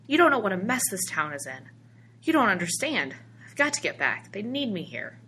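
A woman's voice: lowish voice, lively intonation, fast talker, bright, forceful tone, slight background noise. Desperate guy begging to go back, urgent, woman reading. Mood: pleading. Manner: pleading, urgent. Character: desperate grown man, pleading.

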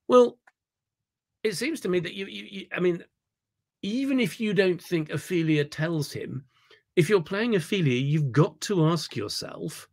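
A man directs actors over a video call, working through a scene in an online workshop. His voice sits fairly high for a man. He talks in an animated, digressive way and repeats words when he gets excited. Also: measured pace. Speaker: theatre director leading a workshop.

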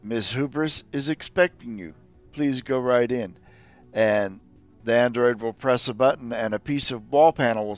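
A man narrating as game master in a relaxed way, pausing often with filler words. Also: fairly low pitch, dull audio. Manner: relaxed, with frequent ums.

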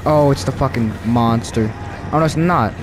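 A young man commenting as he plays a horror video game, talking to his viewers, excitable and cursing, often yelling in fright. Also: medium pitch, normal speed, noisy background. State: out of breath. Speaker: gaming video creator. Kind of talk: let's play commentary.

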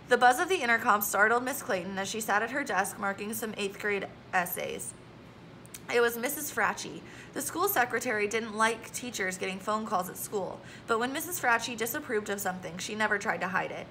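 A woman reading a children's novel aloud, gentle and expressive, lightly voicing the characters. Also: medium pitch, brisk, a little hiss or hum. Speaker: audiobook reader. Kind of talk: storybook read-aloud with character voices.

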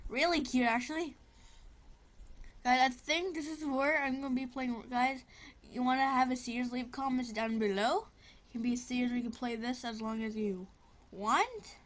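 A woman's voice: a little high, normal speed. A young woman casually commenting on her gameplay, rambling, giggling and often apologizing. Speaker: gameplay video host.

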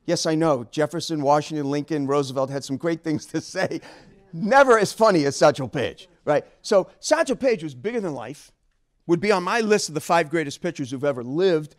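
A man speaking as an author at a book talk, telling stories in an animated, emphatic way and chuckling along. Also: fairly high pitch, moderate pace. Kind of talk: storytelling lecture.

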